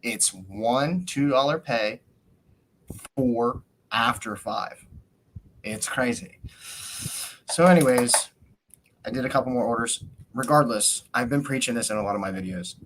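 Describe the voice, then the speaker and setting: A man's voice: medium pitch, a little slow, pauses often, a little hiss or hum. A man hosting a podcast, telling a story in a casual, ranting way, swearing often and acting out what people said. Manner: animated rant, swears often, acts out quotes. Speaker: podcast host.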